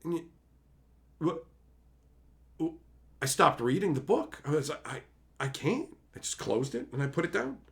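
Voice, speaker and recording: A man's voice: on the high side, very animated, normal speed, gravelly, long pauses. A young adult man livestreaming, ranting in a profane, theatrical way. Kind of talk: livestream rant.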